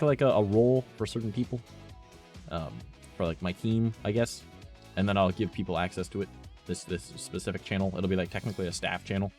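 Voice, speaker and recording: Low-voiced rambling male streamer. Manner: rambling, swears often, heavy use of "like". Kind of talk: casual chat with a live stream audience.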